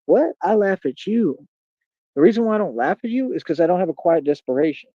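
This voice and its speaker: A man's voice: high-pitched, very animated, fairly quick, no room sound. A man hosting his own live stream, taunting his critics in a combative, repetitive way. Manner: combative, taunting, repeats catchphrases. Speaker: livestream host. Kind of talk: casual live-stream rant. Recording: dull, dry home stream audio.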